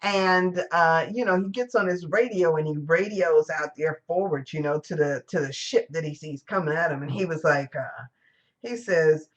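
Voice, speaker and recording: A woman's voice: deep voice, moderate pace, muffled recording. A woman speaking at her church, giving a conversational sermon in a rambling, chatty way with lots of fillers and restarts. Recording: live stream from a church.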